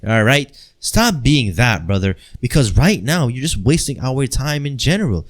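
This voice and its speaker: Exasperated man ranting fast. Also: medium pitch, lively intonation. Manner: exasperated, fast-talking, crude, jumping between loud outbursts and mutters. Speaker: wrestling commentary vlogger. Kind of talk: heated ranting vlog.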